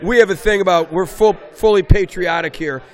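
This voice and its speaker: A man's voice: high-pitched, fairly quick, faint music behind. A middle-aged man, a basketball coach, telling stories in a casual interview and raising his voice for emphasis. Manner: animated storyteller, raises voice for emphasis.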